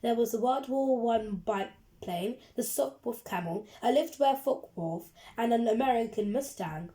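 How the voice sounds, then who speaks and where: Mellow-voiced woman reading a storybook. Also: on the high side, measured pace. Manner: expressive, lively storytelling. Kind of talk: reading a children's book aloud.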